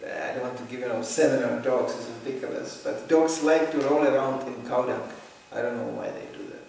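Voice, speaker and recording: A man's voice: fairly high pitch, darkish tone. A man giving a conversational spiritual lecture, telling anecdotes and laughing often. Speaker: preacher. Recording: echoey room, far from mic, faint noise.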